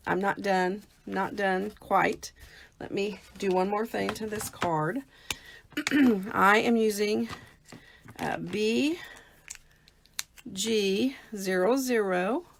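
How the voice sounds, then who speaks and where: A woman's voice: mid-range voice, vocal fry, slight background noise. A middle-aged woman hosting a casual live craft demo from home, chatty and talking through each step as she works. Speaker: papercraft host.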